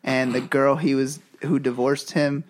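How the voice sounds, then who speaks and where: A man co-hosting a casual podcast, telling stories in a joking, animated way. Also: mid-range voice, measured pace. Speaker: podcast co-host.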